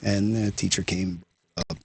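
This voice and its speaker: A man's voice: deep voice, fairly even intonation, unhurried, vocal fry, darkish tone, slightly rough. A man guest, a lead singer, telling stories in casual conversation, rambling and full of "you know" and "like".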